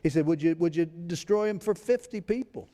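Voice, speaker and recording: A pastor preaching a sermon, reading scripture aloud in a pleading preacher's cadence. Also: male voice, on the high side, fairly quick, warm tone. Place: church sanctuary. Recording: long hall reverb.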